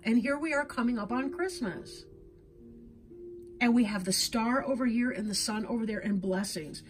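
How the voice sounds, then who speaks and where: Earnest higher-voiced woman reading tarot. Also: normal speed, husky. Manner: earnest, emotional, tag questions like "right?". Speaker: tarot reader.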